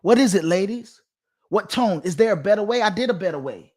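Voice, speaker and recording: This adult man, father of two and host of his own channel, addresses viewers directly with dating commentary, lecturing emphatically and repeating himself as he circles back. His high-pitched, expressive voice has a darkish tone, and he talks a little fast.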